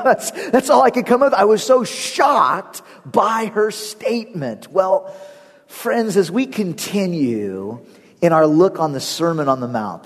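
A pastor with a fairly high voice preaches in a sanctuary, telling stories animatedly and laughing often. His voice rings through the long reverb of a large church hall. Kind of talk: sermon.

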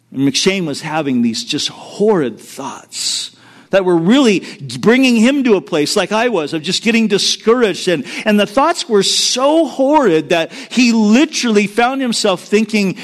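A middle-aged man preaching a sermon, telling a personal story in an earnest way that moves between hushed and emphatic. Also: on the high side. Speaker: pastor.

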